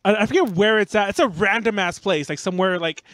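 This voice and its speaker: Casting: high-pitched man, podcast host, rambling and chatty, dry close mic. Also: fast talker, fairly bright tone, dry recording. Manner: rambling storytelling, heavy use of "like". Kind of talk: casual podcast chat.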